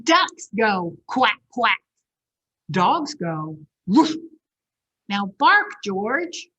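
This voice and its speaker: A woman's voice: mid-range voice, big pitch swings, drawn-out words, bright, forceful tone, husky, full character voice. A woman voicing a patient mother dog who keeps telling her pup how dogs should sound, in a raised, emphatic, storybook voice. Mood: coaxing. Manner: emphatic, scolding-patient repeats.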